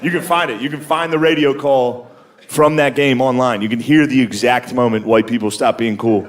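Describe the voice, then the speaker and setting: A man's voice: mid-range voice, steady tone, normal speed. A man comedian telling stories in laid-back, slangy banter, laughing often. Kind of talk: casual storytelling banter.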